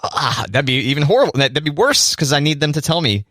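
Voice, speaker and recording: A man's voice: on the high side, very animated, quick pace, a bit bright, no echo, clean studio sound. A man co-hosting a casual podcast chat, joking and speaking directly to the listeners. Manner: playful, addresses listeners directly. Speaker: podcast co-host. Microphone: studio microphone.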